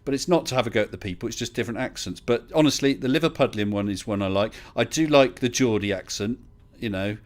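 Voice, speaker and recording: Jokey male host on a voice-call stream, ordinary pitch, quick to laugh. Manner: chatty, laughs often, jokey. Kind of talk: casual chat. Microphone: voice chat call.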